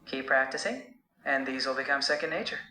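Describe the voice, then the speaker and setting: A bright, crisp synthetic assistant voice that gives feedback in an even, clear and encouraging way. It plays back in a room with plenty of echo around it. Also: medium pitch, a little fast, slight background noise. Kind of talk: spoken feedback summary.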